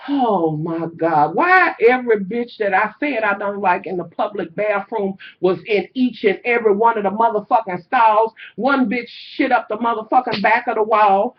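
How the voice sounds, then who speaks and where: A woman vlogger telling a story to her viewers in a casual, animated, profane way, talking straight at them. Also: medium pitch, moderate pace, few pauses, husky, dull audio.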